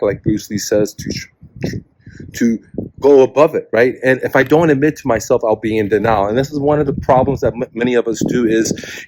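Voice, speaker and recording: A man in his forties speaks straight to the camera as a coach, pushing his point with blunt, profane pep talk and peppering his lines with "man," "bro" and "dude." His pitch sits right in the middle for a man, and a faint hiss runs under the recording. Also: darkish tone, low-quality recording. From refugee to the US. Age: 40s. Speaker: real estate coach. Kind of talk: motivational vlog talk.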